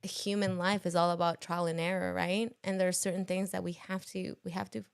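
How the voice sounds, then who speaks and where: A woman's voice: on the low side, level tone, a little fast, creaky, smooth. A woman co-hosting a podcast, chatting casually, laughing often and reading viewer comments aloud. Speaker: podcast co-host.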